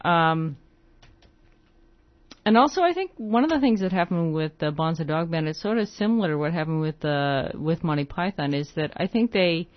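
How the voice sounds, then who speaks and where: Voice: mid-range voice, expressive, moderate pace, no echo, lo-fi sound. A radio host from the United States presenting records on air, talking in a digressive way with many asides.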